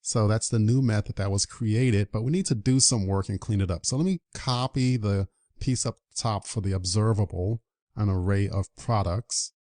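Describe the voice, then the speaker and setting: A man's voice: on the low side, moderate pace, a little mellow, dry recording. A man teaching programming in a screen-recorded coding tutorial, upbeat and walking through each step aloud. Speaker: programming instructor.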